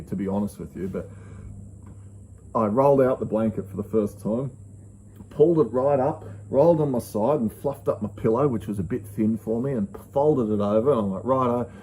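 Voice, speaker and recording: A man tells a personal story casually, acting out his own thoughts in hushed asides. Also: lowish voice, slight background noise, poor audio. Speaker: channel host.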